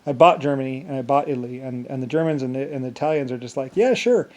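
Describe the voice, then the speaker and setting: A man's voice: mid-range voice, fairly even intonation, very fast. A man talking alone in a meandering monologue, full of restarts and filler words. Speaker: solo vlogger. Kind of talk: rambling monologue.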